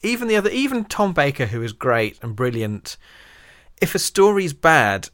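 A man's voice: fairly high pitch, very animated, normal speed, a bit bright, no room sound, clean studio sound. A man co-hosting a casual chat, talking at length with fond enthusiasm. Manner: talkative, fond enthusiast, runs on. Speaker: podcast co-host.

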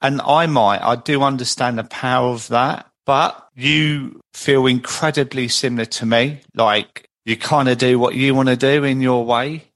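Guy hosting a podcast, chatty, tells stories, mid pitch. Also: steady tone, a little slow, hardly any pauses, fairly bright tone. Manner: chatty, anecdotal. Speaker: podcast host. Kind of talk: casual podcast conversation.

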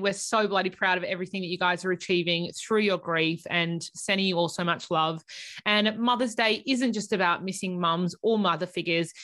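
A woman's voice: medium pitch, fairly bright tone. A young woman co-hosting a casual podcast, chatty and emotional, filling her talk with "like" and the odd swear word. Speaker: podcast co-host.

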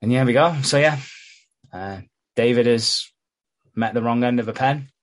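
A man's voice: mid-range voice, moderate pace. A man co-hosting a podcast, casually recapping a soap with plenty of swearing and laughter. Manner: sweary, laughing, retells scenes with quoted voices. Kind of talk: casual chat.

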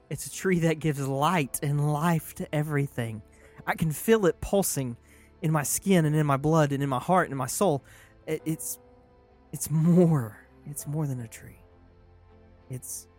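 A man voicing an urgent high elf man who speaks in a formal, solemn way. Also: steady tone, slow, long pauses, a little mellow, soft background music. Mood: awed. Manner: solemn and formal, turning frantic.

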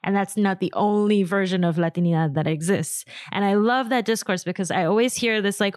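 A woman's voice: mid-range voice, brisk, hardly any pauses, dry recording, studio quality. A woman hosting an interview podcast, asking thoughtful questions and affirming her guest with casual fillers. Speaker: podcast host.

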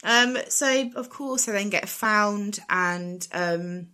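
A woman co-hosting a casual chat, retelling a film scene by scene with lively asides and playful acted quotes. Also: medium pitch, takes it slowly, clear, resonant tone. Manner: animated storytelling with acted quotes and laughter. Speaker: podcast co-host.

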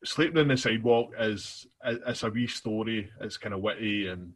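A man's voice: lowish voice, moderate pace, breathy edge. A man with a Scottish accent co-hosting a podcast in casual chat, hesitant with many ums and restarts. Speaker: podcast co-host.

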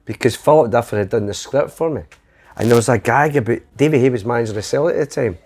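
A man's voice: medium pitch, fast, a little mellow. A middle-aged Scottish man telling rambling comic anecdotes, slipping into quoted voices. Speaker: comedian guest. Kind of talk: casual storytelling.

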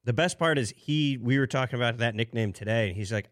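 A young man on a casual show, telling stories in a relaxed way and laughing often. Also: mid-range voice, fast talker, hardly any pauses, no room sound, clean studio sound. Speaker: show regular. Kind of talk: casual chat.

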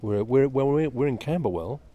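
A man's voice: medium pitch, expressive, moderate pace, warm tone, highs cut off. A man co-hosting a podcast, chatting casually and playfully on a walking tour outside on a residential street. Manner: playful, banters and jokes. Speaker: podcast co-host. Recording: recorded outside with street ambience.

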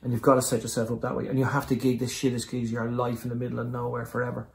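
A man from Ireland, a comedian guest telling anecdotes in casual chat, animated and swearing freely. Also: mid-range voice, rapid-fire, creaky. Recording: echoey room.

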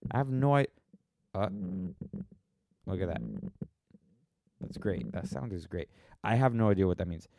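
A man's voice: lowish voice, expressive, normal speed, gravelly, pauses often, a little mellow, no room sound, clean studio sound. An American man hosting a casual solo podcast, rambling and wry as he stops and restarts his thoughts while answering listener questions. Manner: rambling, self-interrupting, wry.

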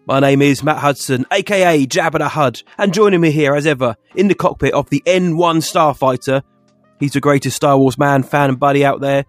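English guy hosting a podcast, kinda high voice, joking around, dry close mic. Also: fairly even intonation, brisk, dry recording, faint music behind. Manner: jokey, theatrical intro patter. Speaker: podcast co-host. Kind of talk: casual chat.

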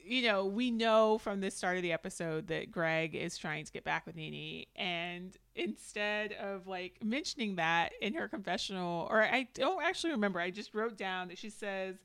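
A woman co-hosting a podcast, chatting casually as she recaps a reality episode, animated and quick to laugh. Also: mid-range voice, clean tone, no room sound, clean studio sound. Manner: animated, laughs often, puts on quoted voices. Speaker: podcast co-host.

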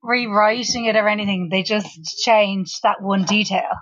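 A woman co-hosting a casual chat, blunt and quick to swear, with short reactions. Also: mid-range voice, fairly even intonation, fairly bright tone, lo-fi sound.

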